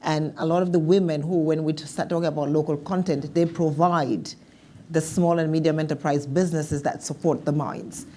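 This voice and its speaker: A woman speaking as a panelist in a policy discussion, measured and thoughtful, with some restarts. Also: low-pitched, fairly even intonation, dark tone.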